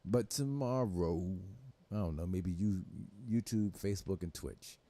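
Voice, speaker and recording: A man's voice: low-pitched, measured pace, mellow, no echo. A young man hosting a livestream, reacting to clips in loose, laughing talk full of swearing. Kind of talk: casual profane reaction commentary.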